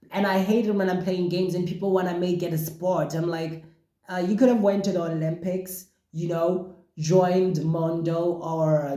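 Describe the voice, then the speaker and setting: A man hosting a casual podcast monologue, talking in an animated, expressive way and exclaiming often. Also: sits high, echoey room. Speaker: podcast host.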